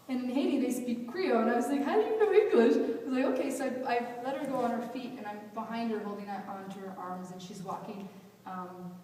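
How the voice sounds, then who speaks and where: A young adult woman giving a personal storytelling talk at a youth event, animated and acting out the dialogue she recounts. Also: mid-range voice, slight background noise. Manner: animated, acts out quoted dialogue. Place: event hall. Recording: echoey hall from far off.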